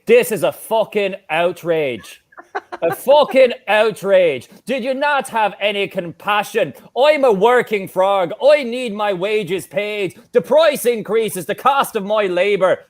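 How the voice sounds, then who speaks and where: A man's voice: high-pitched, animated, unhurried. A man putting on a raging Welsh frog mascot. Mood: outraged. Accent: put-on Welsh accent. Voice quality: coarse, indignant ranting. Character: furious foul-mouthed male chocolate frog mascot. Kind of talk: improvised comedy character.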